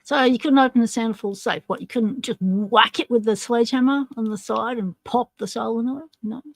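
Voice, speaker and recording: A woman's voice: fairly high pitch, brisk, no room sound. A woman hosting a casual livestream, chatting in a rambling way and laughing often. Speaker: livestream host.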